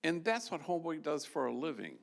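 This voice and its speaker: A Jesuit priest speaks to an audience in an event hall while accepting an award, telling stories loosely and conversationally and often restarting. His voice sits on the high side with big pitch swings, a slightly quick pace, and some creak.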